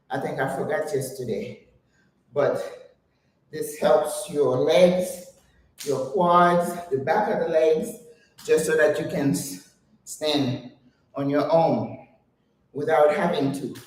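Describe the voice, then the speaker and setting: An older woman talks slowly and breathlessly as she leads a home workout, counting each rep aloud. Her voice bounces around a very echoey room. She sounds a little distant from the microphone, with faint noise underneath. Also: low-pitched, a little mellow. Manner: chatty, coaching, counts reps aloud. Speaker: exercise vlogger. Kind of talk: guided home workout chat.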